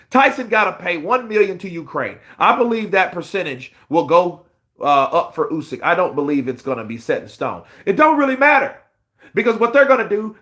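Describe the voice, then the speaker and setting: Man, live-stream boxing host, high bright voice, swooping pitch, excitable, profane. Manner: excitable, profane, laughing often. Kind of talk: casual live-stream commentary.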